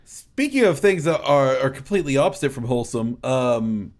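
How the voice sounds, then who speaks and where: A young man co-hosting a podcast, talking haltingly with many restarts. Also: medium pitch, expressive, darkish tone. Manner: halting, full of fillers and restarts. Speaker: podcast co-host. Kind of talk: casual chat.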